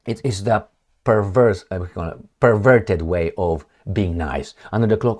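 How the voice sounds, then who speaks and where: A man giving opinionated news commentary in an animated, sarcastic way. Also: on the low side, moderate pace. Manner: animated, sarcastic, acts out imagined dialogues. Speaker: political commentator.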